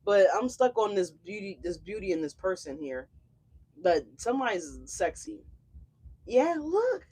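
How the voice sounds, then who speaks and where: A tarot channel host gives a live reading in a loose, chatty voice of middling pitch. The delivery is gushing and exclamatory, full of slang and casual swearing, spoken straight to the audience. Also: animated, moderate pace, a little mellow, husky. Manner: effusive, slangy and profane, exclamatory.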